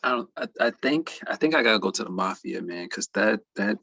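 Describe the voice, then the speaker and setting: A man's voice: lowish voice, lively intonation, fairly quick, gravelly, bright, forceful tone, no room sound. A man teaching an online trading class in a playful, boastful, teasing way. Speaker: trading educator.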